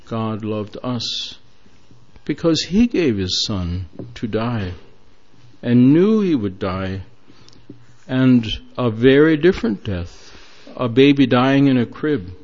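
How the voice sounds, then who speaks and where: A man's voice: medium pitch, a little mellow. A man preaching a sermon, telling a story earnestly with some hesitations. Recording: dull lo-fi recording.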